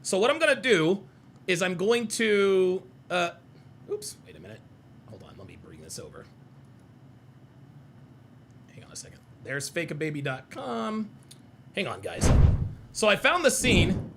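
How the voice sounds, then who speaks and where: A man hosting a reaction video, talking in an animated, mocking and profane way and repeating himself for emphasis. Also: sits high, unhurried, long pauses, noisy background. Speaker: host reacting to clips. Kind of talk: reaction commentary.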